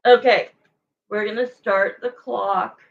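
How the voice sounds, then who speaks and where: Slow, gravelly woman reading tarot. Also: mid-range voice, fairly even intonation, dull audio. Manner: chatty, frank, emotional. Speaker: tarot reader. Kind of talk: casual livestream chat.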